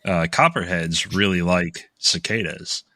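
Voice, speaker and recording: A man talks in a laid-back podcast chat, chuckling between lines. His deep voice sounds bright and forceful, and the recording is dry and close. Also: a little slow, no room sound. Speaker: podcast co-host. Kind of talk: casual chat.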